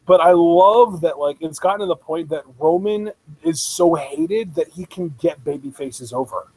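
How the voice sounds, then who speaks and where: A young man with a high voice, recorded dry and close, chatting as a co-host of a wrestling review. He sounds enthusiastic, laughs often, and fills his sentences with "like" and restarts. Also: normal speed, a little mellow, no room sound, rough recording. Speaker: podcast co-host. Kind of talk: casual wrestling review chat.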